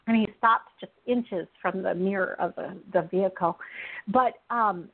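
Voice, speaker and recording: A woman's voice: mid-range voice, a little slow, vocal fry, slightly rough. A woman hosting a Christian talk show, telling personal stories earnestly and with animation, often laughing. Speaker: radio show host. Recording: tinny phone-like sound.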